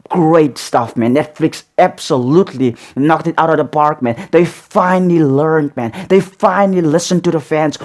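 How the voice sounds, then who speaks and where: A man hosting a reaction video who reviews in casual, rambling talk, ending nearly every phrase with "man" and filling gaps with "um". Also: mid-range voice. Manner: says "man" after almost every phrase, many "um"s and restarts; excited and emphatic when praising, flatter and quieter when criticizing.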